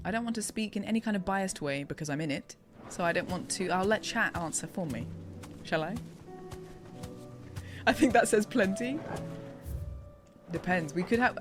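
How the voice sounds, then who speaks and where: An English woman streams a game and chats with her viewers in a playful, teasing way, laughing easily. Her voice sits at an ordinary middle pitch. Game music plays clearly behind her. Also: animated, normal speed, long pauses. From England. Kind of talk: casual live-stream chat while gaming.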